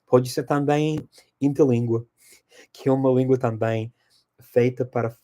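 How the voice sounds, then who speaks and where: A man's voice: mid-range voice, dark tone. A middle-aged man hosting a language-learning channel, casually answering viewer questions and thinking aloud as he goes.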